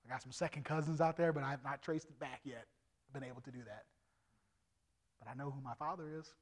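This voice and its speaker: A middle-aged man preaching his testimony as an evangelist, animated and swinging from loud to hushed. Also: mid-range voice, fast. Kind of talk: testimony sermon.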